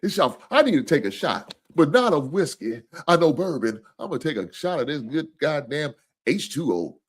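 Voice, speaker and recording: Man, sports talk host, casual streaming chat, lively swooping pitch, profane, rambling. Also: normal speed. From Kentucky. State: tired.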